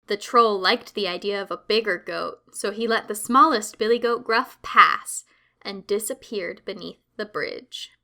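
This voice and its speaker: Slow bright woman reading children's stories. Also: medium pitch. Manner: slow, clear and expressive for young children. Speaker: storyteller for children. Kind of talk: scripted storybook narration.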